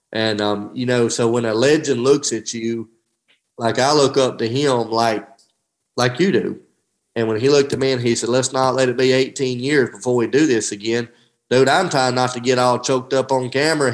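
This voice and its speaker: A middle-aged man with a drawl tells fishing stories in a relaxed interview. He speaks in a folksy, heartfelt way, keeps saying "dude," and trails off and restarts his sentences as he goes. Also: medium pitch, normal speed, poor audio. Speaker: professional angler, guest. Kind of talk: emotional casual interview.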